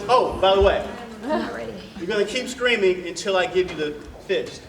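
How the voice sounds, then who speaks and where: A man telling a joking, animated story to a live audience, talking straight to the crowd, with a relaxed sound. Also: high voice, moderate pace, far from the mic. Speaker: motivational speaker. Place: large room with an audience. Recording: echoey room from afar with crowd noise.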